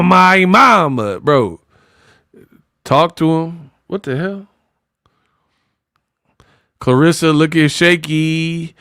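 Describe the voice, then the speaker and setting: A man's voice: smooth, no echo. Mocking man with a dry voice. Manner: animated, mocking impressions in a high voice. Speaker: boxing commentary host. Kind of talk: casual reaction commentary.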